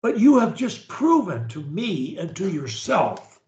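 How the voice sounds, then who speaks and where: A man leading a speech therapy session, modelling short phrases slowly and deliberately for his client to repeat. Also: high-pitched, big pitch swings, a little mellow, reverberant.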